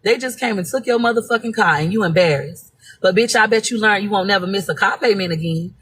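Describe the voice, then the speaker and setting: Speaking fast at a medium pitch, this woman has a fairly bright tone, and a little hiss or hum runs under the audio. She's a social media personality from Florida, telling stories bluntly, profanely and emphatically in a casual live-stream monologue.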